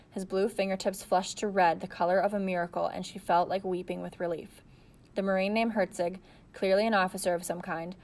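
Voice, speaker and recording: A woman reads a novel aloud in an even, steady storytelling voice. Her pitch sits in the middle range. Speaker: audiobook narrator. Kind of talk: audiobook narration.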